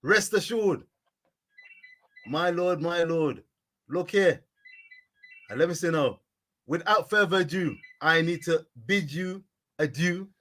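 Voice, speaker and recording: A man's voice: on the high side, takes it slowly, long pauses, a bit bright. A man hosting a sports live stream, reading out viewers' comments and answering them by name, repeating his catchphrases in a preachy way. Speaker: sports vlogger.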